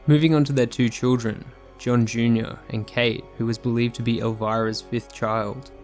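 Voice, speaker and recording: Man, scripted narration, measured and sombre, close mic, faint music behind. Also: mid-range voice, level tone, darkish tone. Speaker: true crime narrator.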